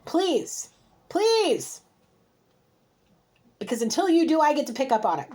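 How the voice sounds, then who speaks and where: A woman's voice: high voice, big pitch swings, very fast, mellow. A woman giving a heated spiritual card reading, scolding emphatically and repeating herself as she rants. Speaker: intuitive card reader.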